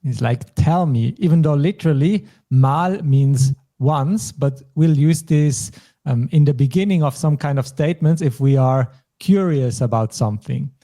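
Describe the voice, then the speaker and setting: Hosting a language lesson, a man from German-speaking Europe speaks a little slowly in a dark, medium-pitched voice. His explanations of phrases and vocabulary are patient and go step by step.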